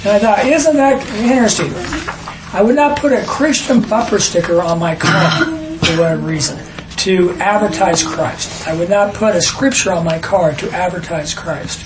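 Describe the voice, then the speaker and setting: Man, informal Bible teacher, higher-pitched, emphatic and rambling; echoey room recording. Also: moderate pace, noisy background. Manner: emphatic, digressive, reads scripture aloud.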